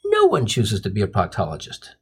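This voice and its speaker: A man with a husky voice tells a comic monologue full of tangents. His pitch swings widely as he builds to crude, sardonic punchlines. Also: huge pitch swings, brisk. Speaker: comic storyteller, podcast host.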